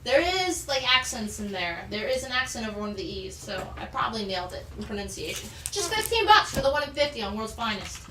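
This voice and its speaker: A high, bright-voiced woman hosts a live comic sale, enthusiastic and chatty as she runs through issues and prices. She sounds a little off-mic in a roomy space. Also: sing-song, fast, hardly any pauses, far from the mic. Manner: enthusiastic, chatty, rattles off item details. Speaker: host selling comics on a live show. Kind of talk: live sales pitch. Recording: roomy, off-mic, faint background noise.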